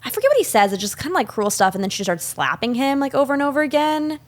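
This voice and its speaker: A woman's voice: high voice, fast. A woman co-hosting a podcast, casually discussing a film and recounting scenes, recorded on a microphone in a small room. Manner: animated, recounting scenes with quoted lines. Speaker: podcast co-host. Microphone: studio microphone.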